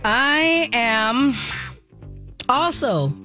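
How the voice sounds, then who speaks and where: A woman's voice: high-pitched, sing-song, extremely slow, sharp tone, faint music behind. A woman co-hosting a radio show, chatting agreeably and often affirming the others. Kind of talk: casual radio banter.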